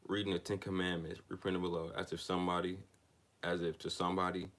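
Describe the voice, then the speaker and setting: A man's voice: low-pitched, level tone, fast talker, fairly bright tone. A man reading a self-help book aloud, stumbling and restarting on words, then drifting into loose, slangy asides.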